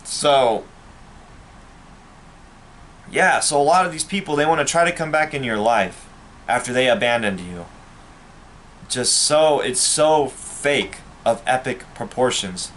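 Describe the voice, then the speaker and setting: A man's voice: medium pitch, expressive, unhurried, long pauses, fairly bright tone, slight background noise. A man, a vlogger, ranting to camera in a bitter, angry and profane way. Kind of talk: personal rant to camera.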